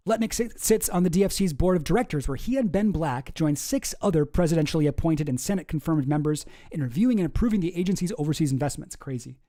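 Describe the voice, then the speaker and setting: A man with a slightly high but mellow voice reads news aloud and keeps stopping to riff on it. His asides are sarcastic, with little mock voices and stumbling restarts. The sound is dry and close, with no room around it. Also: no room sound. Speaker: political commentary streamer. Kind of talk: casual reading and commenting on news.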